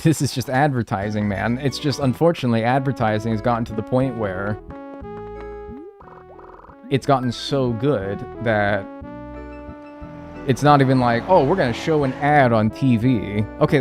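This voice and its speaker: A man chatting casually on a live game stream, ranting with lively energy and swearing freely. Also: mid-range voice. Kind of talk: casual live-stream chat while playing.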